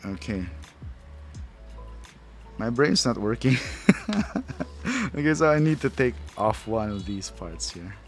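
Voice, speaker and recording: A man's voice: on the low side, lively intonation, slow, pauses often, faint music behind. A man who is not a native English speaker, casually rambling and thinking aloud as he reviews a toy, chuckling at himself. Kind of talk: casual unboxing commentary.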